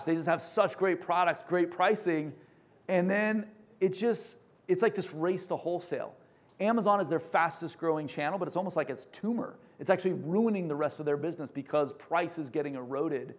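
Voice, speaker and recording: Brief: male presenter, fairly high voice, lively pitch, pitch, casual business talk, energetic. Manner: energetic, joking, with fillers. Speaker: company presenter.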